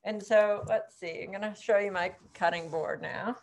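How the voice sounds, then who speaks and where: A woman's voice: medium pitch, fairly even intonation, moderate pace, a little hiss or hum. A middle-aged woman teaching an online cooking class in a chatty, rambling way, with frequent ums and laughs.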